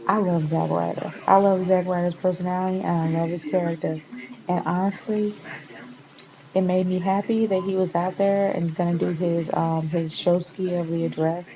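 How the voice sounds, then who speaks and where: A woman's voice: on the low side, level tone, moderate pace, muffled recording, crowd noise. A woman vlogger giving a passionate, exasperated rant in a casual rambling style, often restarting her sentences. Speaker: wrestling vlogger. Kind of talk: casual opinion rant to camera.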